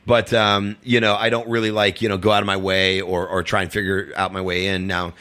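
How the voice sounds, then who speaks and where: A man guesting on a talk show, telling a long rambling story, full of fillers and acting out quotes in a higher voice. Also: flat delivery, brisk, sharp tone. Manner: rambling, filler-heavy, acts out quotes in a high voice. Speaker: comedian guest. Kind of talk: casual storytelling chat.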